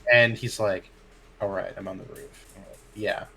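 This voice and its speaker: A man's voice: sits low, fairly even intonation, normal speed, vocal fry, sharp tone, slightly rough, soft background music. A man, a dungeon master, telling a tabletop game story in casual chat, acting out his players' lines and laughing often.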